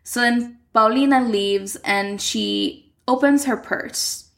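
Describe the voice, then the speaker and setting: A woman's voice: fairly high pitch, slow pace, creaky. A young woman recapping a telenovela in a casual, chatty way, filling her sentences with "like". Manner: chatty, uses "like" a lot.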